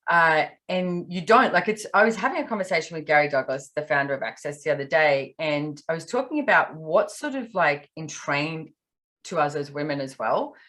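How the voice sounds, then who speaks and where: A woman's voice: deep voice, animated, moderate pace, fairly bright tone. A woman from Australia, a podcast guest, telling candid personal stories in casual conversation and acting out her own thoughts.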